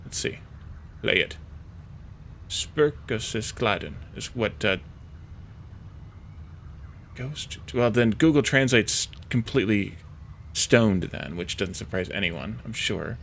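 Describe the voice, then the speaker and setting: A man's voice: lowish voice, animated, slow, creaky, long pauses, a bit bright, slight background noise. Casual man narrating his gameplay. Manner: thinks aloud, chatting with viewers. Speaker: streamer playing a video game. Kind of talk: casual let's-play commentary.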